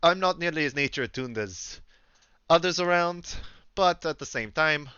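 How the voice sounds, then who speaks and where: A man's voice: on the high side, animated, moderate pace, sharp tone, smooth, no room sound, lo-fi sound, pitched above the performer's own voice. A man voicing a haughty young woman, the niece of a powerful druid, with an aloof, dry French accent.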